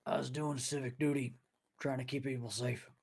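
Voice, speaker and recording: A man playing his character in a tabletop game talks haltingly, full of uh's and restarts. His voice has a gravelly edge. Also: mid-range voice, flat delivery. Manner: hesitant, many fillers. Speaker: player. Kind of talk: in-character role-play.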